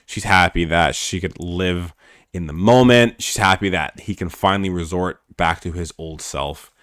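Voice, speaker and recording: A man's voice: low voice, moderate pace, a bit bright. A young man co-hosting a podcast, animatedly recapping an anime episode in casual, profane chat full of "like" and "basically". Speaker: podcast co-host.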